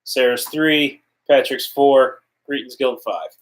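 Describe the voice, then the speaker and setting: Man, podcast co-host, crude deadpan jokes, medium voice. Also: mid-range voice, slow, poor audio. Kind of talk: casual banter.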